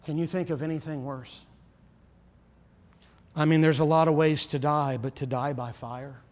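A man delivering a sermon in earnest, pressing tones, his voice sitting a little above the usual male pitch. He leans hard on warnings and drops into low, solemn phrases. A long reverb trails behind him, as in a large hall. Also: steady tone, moderate pace, a little mellow. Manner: earnest preaching, dropping to low solemn emphasis. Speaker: pastor.

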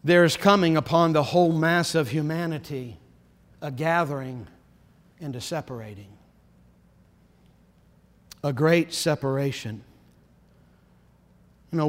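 A man delivering a sermon in earnest, pressing tones, his voice sitting a little above the usual male pitch. He leans hard on warnings and drops into low, solemn phrases. A long reverb trails behind him, as in a large hall. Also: normal speed, long pauses. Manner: earnest preaching, dropping to low solemn emphasis. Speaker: pastor.

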